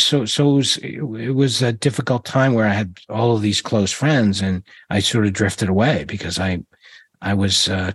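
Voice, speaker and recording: Middle-aged guy rambling thru his stories, husky low voice, dry sound. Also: dry recording. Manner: rambling, many restarts and fillers. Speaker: guest. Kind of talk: casual interview storytelling.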